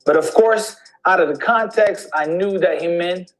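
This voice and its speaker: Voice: mid-range voice, unhurried, few pauses, soft background music, poor audio. An English teacher in an instructional video lesson, demonstrating slang greetings with repeated examples.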